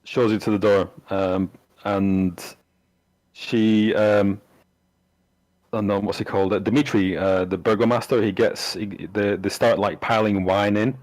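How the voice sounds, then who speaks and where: A man's voice: on the low side, fairly even intonation, unhurried, darkish tone, dry recording, poor audio. A man narrating a tabletop game as game master, rambling and hesitant with many fillers.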